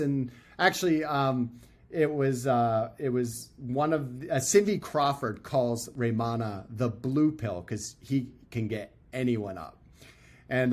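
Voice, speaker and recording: A man telling a story as a podcast guest, loose and animated, full of fillers and restarts, acting out the people he quotes. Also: mid-range voice. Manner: animated, acts out quoted voices. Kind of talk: casual storytelling.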